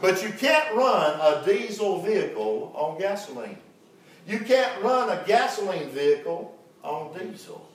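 This pastor is very animated, his high-pitched voice moving at a measured pace as he preaches. He draws responses from the congregation and tells folksy anecdotes, all captured from afar in a strongly echoing sanctuary.

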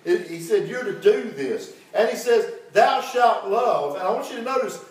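A man's voice: high-pitched, animated, moderate pace, darkish tone. A man preaching a sermon, calling on the congregation to repeat after him and telling folksy stories. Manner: preaching with call-and-response, folksy storytelling. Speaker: pastor. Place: church sanctuary. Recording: very echoey church, mic far off.

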